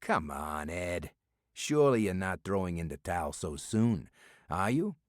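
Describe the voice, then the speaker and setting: A man's voice: low-pitched, big pitch swings, measured pace, no room sound, clean studio sound. A man voicing a brash male friend who teases and pushes in banter, in an audiobook. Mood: teasing. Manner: pushy, ribbing banter. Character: brash, teasing male friend and city official.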